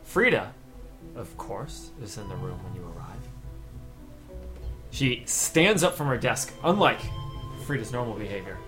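A man's voice: on the low side, big pitch swings, a little slow, long pauses, music in the background. A man narrating a tabletop game as game master, in a casual way with fillers.

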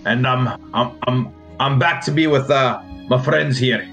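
A man voicing a friendly, modest adventurer, polite and a bit halting. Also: mid-range voice, a bit bright, soft background music.

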